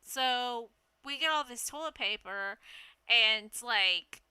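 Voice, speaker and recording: A woman telling a story casually, animated and laughing, swearing freely. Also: on the high side, slow, smooth, dry recording.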